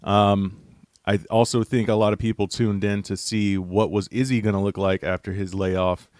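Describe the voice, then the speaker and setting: A man with a fairly low voice gives easygoing, measured analysis. He hedges often, and the audio is dry and close. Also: little pitch movement, darkish tone, clean tone, no echo. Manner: thoughtful, hedging with fillers. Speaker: panelist, writer. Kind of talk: casual sports analysis.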